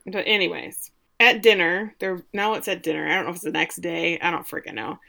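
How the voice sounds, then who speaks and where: A woman's voice: fairly low pitch, brisk, creaky, sharp tone. A woman co-hosting a podcast, recapping an episode in a casual, chatty way, full of "like" and mocking asides.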